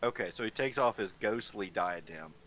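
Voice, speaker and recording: Bright low-pitched man at a game table. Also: animated, normal speed, a little hiss or hum. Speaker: player. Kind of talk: casual chat at a tabletop game.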